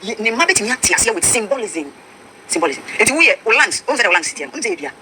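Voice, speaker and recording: A woman's voice: mid-range voice, sing-song, fast talker, pushed and bright, a little hiss or hum. A Ghanaian woman pastor with a Ghanaian accent, preaching emphatically and mixing English with Twi. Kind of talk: preaching talk-show discussion.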